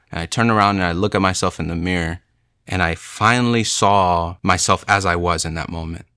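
A young man with a deep voice and a bright, forward edge shares his personal testimony. He speaks earnestly, with feeling, recorded close in a dry space. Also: no room sound. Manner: earnest, emotional storytelling.

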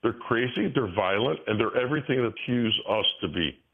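A man in his sixties tells his stories in an animated rush, stumbling and restarting as he goes. His voice sits on the low side and comes through a thin, tinny phone line. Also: fairly quick. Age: 60s. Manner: animated storytelling with frequent restarts. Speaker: guest. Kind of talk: casual interview talk.

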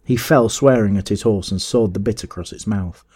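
A man narrating a classic adventure story as an audiobook, in a measured storytelling manner. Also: on the low side. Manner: measured, even storytelling that rises to shouts in dialogue.

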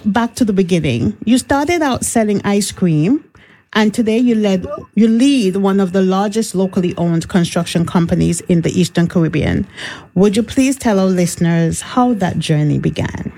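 A woman hosting an interview show, with a mellow, rounded voice. She speaks in formal, measured phrases as she introduces her guest. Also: medium pitch, animated, low-quality recording. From Montserrat. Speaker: radio program host. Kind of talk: hosted interview.

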